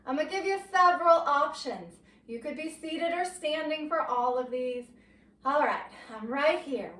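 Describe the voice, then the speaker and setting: A woman leading a low-impact workout, giving gentle, encouraging cues and getting winded from the exercise. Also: roomy sound, distant mic, low-quality recording. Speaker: fitness instructor. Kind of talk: guided workout instruction.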